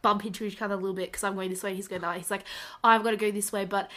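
Bright-voiced teen girl gushing. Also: mid-range voice, rapid-fire. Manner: animated, gushing, full of "like". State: slightly raspy from a cough. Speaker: podcast co-host. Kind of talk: casual storytelling chat.

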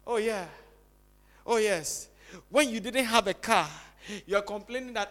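High bright-voiced preaching man. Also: unhurried, long pauses. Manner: dramatic, swings from loud cries to soft asides. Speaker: pastor. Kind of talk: sermon.

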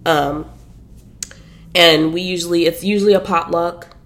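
Woman podcast host, slightly low voice, loose and chatty, slangy casual delivery. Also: steady tone, measured pace, fairly bright tone. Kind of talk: casual chat about books.

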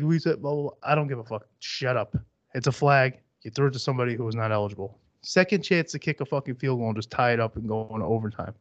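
A man's voice: medium pitch, no room sound, muffled recording. A young man hosting a podcast, ranting bluntly about football and swearing freely. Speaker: podcast host. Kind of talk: profane casual monologue.

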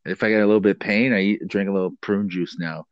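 A man's voice: lowish voice, fairly even intonation, quick pace, dry recording, lo-fi sound. A man in casual chat, telling a rambling story with swearing and teasing his co-host.

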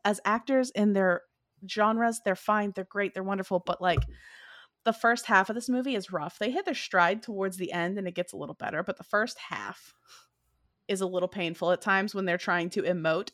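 A woman chatting casually about a movie, animated and opinionated, laughing often. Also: medium pitch, no room sound, clean studio sound. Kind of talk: casual movie review chat.

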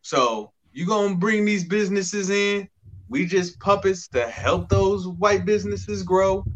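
Man, slightly higher pitch, emphatic and repetitive, casual group talk. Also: fairly bright tone. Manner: emphatic, repeats himself when making a point.

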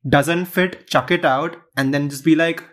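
A man co-hosting a podcast, reasoning in a halting, thoughtful way with sarcastic jokes. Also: fairly high pitch, steady tone, fairly bright tone. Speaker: podcast co-host, film critic. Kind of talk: casual film review chat.

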